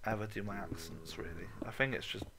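A man's voice: on the low side, fairly quick, pushed and bright, slight background noise. A man giving a goofy, sweary running commentary while playing a video game. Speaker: gaming channel host. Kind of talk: casual let's-play commentary.

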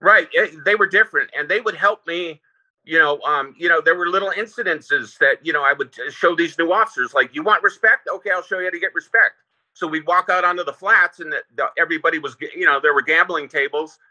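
A man with a sharp, bright voice pitched a little high recalls his years as a prison lieutenant. He wanders through his stories with fillers and restarts, and the audio sounds dull and lo-fi. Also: brisk. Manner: relaxed, rambling with restarts and fillers. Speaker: former prison lieutenant, guest. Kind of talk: casual interview storytelling.

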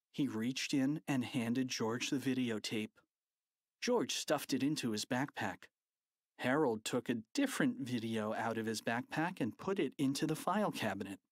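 A playful, expressive narrator reading a children's audiobook. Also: medium pitch, no echo, clean studio sound.

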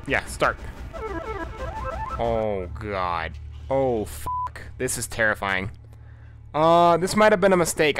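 A man giving casual, profane gameplay commentary as a YouTube host, excitable and easily spooked. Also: mid-range voice.

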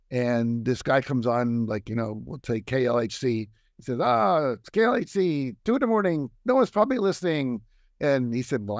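Older male guest, animated storyteller, medium pitch, dry close sound. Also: no echo. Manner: animated storyteller, acts out quoted voices. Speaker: guest, success coach and author. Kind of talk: storytelling in a conversation.

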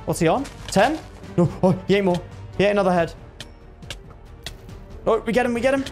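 Excitable young man narrating live gameplay. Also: high-pitched, brisk, faint music behind. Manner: excitable, yelps and laughs at close calls, talks to himself. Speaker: gaming video creator.

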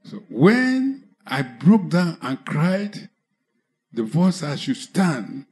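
A man preaching with a Nigerian English accent, telling a personal conversion testimony slowly, with halting restarts. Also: on the high side, sing-song, darkish tone. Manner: slow, halting storytelling with restarts. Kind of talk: testimony sermon.

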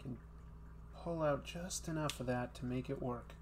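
A man's voice: medium pitch, normal speed, background noise. Self-mocking man chatting while drawing. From Boston area. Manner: self-mocking, laughs at his own jokes. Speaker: host. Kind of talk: casual chat while drawing.

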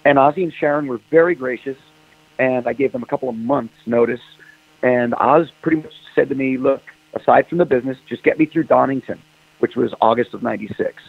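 Gravelly-voiced rock singer on a phone line. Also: male voice, mid-range voice, a little fast, no room sound. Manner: animated, acts out phone calls in quoted voices. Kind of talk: casual storytelling interview. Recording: dry tinny phone line.

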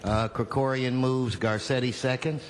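A man chairing a city council meeting, joking easily between brisk procedural calls. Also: medium pitch, fairly even intonation, a little hiss or hum.

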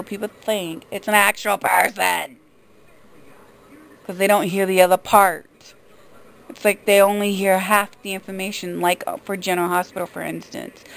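A woman's voice: mid-range voice, slight background noise, rough recording. A woman vlogger delivering a casual, indignant and sarcastic rant to the camera.

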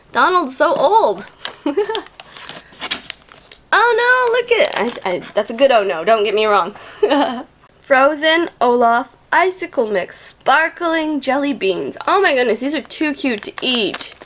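A woman's voice: high voice, expressive, a little slow, a bit bright, a little hiss or hum. A young woman hosting a toy channel, gushing and giggling as she unboxes a package at home on camera. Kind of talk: excited unboxing chat.

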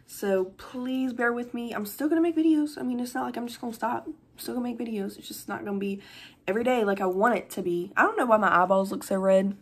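A woman's voice: a little high, fast talker, breathy edge. A young woman, chatting through an unboxing vlog, gushing and close to tears. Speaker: vlogger.

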